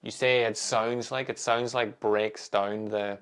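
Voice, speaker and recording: A man hosting a solo podcast, talking in a calm, measured way with thoughtful pauses. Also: on the low side, clean tone. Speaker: podcast host.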